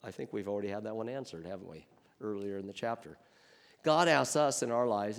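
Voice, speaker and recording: A man's voice: lowish voice, fairly quick, creaky. Earnest male pastor preaching in a hall. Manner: earnest, with rhetorical questions and swings from loud to soft. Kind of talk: sermon.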